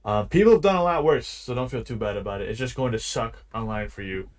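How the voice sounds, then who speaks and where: A man's voice: mid-range voice, fast. A man interviewing someone online in blunt, casual, slangy talk.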